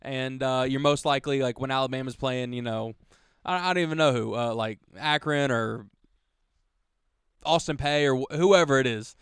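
A man's voice: medium pitch, moderate pace, fairly bright tone, smooth, dry recording, studio quality. A man hosting a casual podcast, wisecracking and explaining things at length. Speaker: podcast host.

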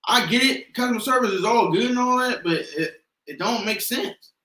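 A man in casual chat, telling animated, profane stories as a podcast co-host. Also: extremely high pitch, moderate pace, reverberant, far from the mic, poor audio.

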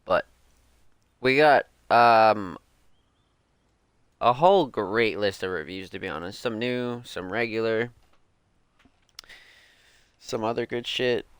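A man's voice: fairly low pitch, slow pace, long pauses, clean tone, no echo. A young man hosting a music podcast, ranting casually and heatedly, swearing a lot and filling his talk with "like" and "bro". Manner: profane, heated, slangy, lots of "like" and "bro". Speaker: podcast host. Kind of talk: casual rant.

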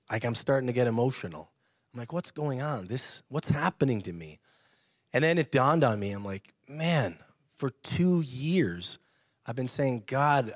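A man's voice: medium pitch, no echo, clean studio sound. A man in his thirties sharing a personal testimony at church, earnest and chatty, laughing often and restarting his sentences. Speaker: church member giving testimony.

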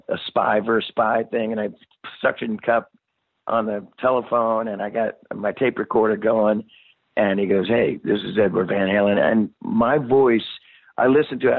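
A lowish-voiced man in his sixties, a rock singer, spins a rambling, profane story and slips into the voices of the people he quotes. The sound is dry and narrow, like a phone line. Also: dry recording. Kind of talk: casual storytelling interview.

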